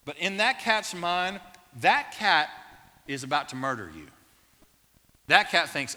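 Pastor, male, preaching to a congregation; bright, cutting tone with long hall reverb. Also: high-pitched, normal speed. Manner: animated, playful asides early, turning quiet and earnest. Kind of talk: sermon.

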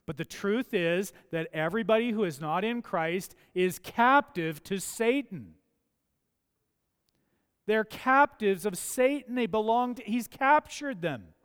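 A man preaching a sermon, emphatic and building to forceful peaks. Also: high voice, lively intonation, measured pace, clean tone. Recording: long church hall reverb.

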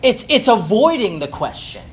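A man preaching a sermon, earnest and explanatory, slowing down to stress key phrases and building emphasis. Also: high-pitched, sing-song.

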